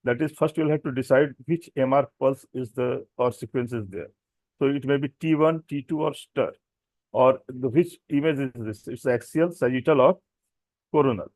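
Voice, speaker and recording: Male doctor, Indian English accent, mid-range voice, dry recording; reads a technical talk with frequent pauses and restarts. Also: medium pitch, a little mellow, no echo. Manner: hesitant, many fillers and self-corrections. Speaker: doctor presenting at a medical symposium. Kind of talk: technical lecture.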